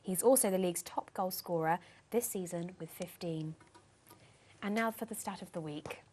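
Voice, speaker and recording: A woman reading sports stats in a put-on posh newsreader voice with prim, crisp enunciation. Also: on the low side, moderate pace, darkish tone, pitched below the performer's own voice. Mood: mock posh.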